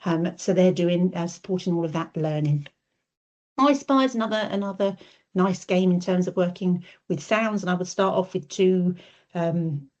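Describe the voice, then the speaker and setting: A woman with a fairly low voice gives a speech therapy webinar. She explains patiently, often pausing on um, and breaks into sing-song child-directed modelling of sounds. The audio is dull and lo-fi, like a video call. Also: darkish tone. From United Kingdom. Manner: explanatory, with frequent ums. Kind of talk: webinar presentation.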